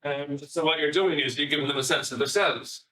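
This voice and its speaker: A middle-aged Irish man, a family psychotherapist, giving an animated, conversational public talk and swearing casually. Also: on the high side, brisk, roomy sound, distant mic, slight background noise, rough recording. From Ireland.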